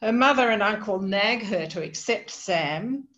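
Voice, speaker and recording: A woman guest on a podcast, talking through a short story in a measured, reflective way with soft hesitations. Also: medium pitch, lively intonation, muffled recording. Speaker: podcast guest discussing literature. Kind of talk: literary analysis in conversation.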